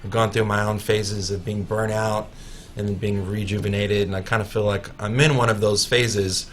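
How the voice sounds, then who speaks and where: A man's voice: lowish voice, flat delivery, a little hiss or hum. A man, a musician guest on a radio show, chatting casually in a studio, joking about himself and restarting his sentences often. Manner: joking, self-mocking, halting restarts.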